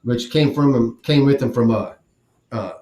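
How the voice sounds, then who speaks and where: A man's voice: mid-range voice, normal speed. A man co-hosting a casual sports talk show, blunt and profane, telling stories with energy. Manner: profane, blunt, animated storytelling. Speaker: podcast co-host. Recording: roomy echo.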